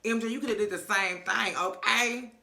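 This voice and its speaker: A man's voice: high-pitched, normal speed, vocal fry, sharp tone. A man recapping reality TV in casual commentary, sassy, gossipy and full of cursing. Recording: echoey room.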